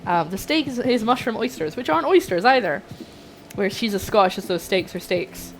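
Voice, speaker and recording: A young woman chatting to her viewers while cooking on a livestream in her home kitchen, excitable and a little flustered. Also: medium pitch, moderate pace, soft background music, rough recording. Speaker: streamer. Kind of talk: casual cooking livestream chat.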